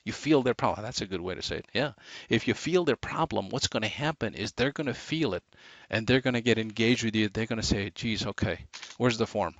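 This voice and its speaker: Guy doing a sales training talk, lowish voice, up and down inflection, dull dry lo-fi sound. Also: fairly quick, no room sound. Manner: animated, varies inflection and speed for emphasis.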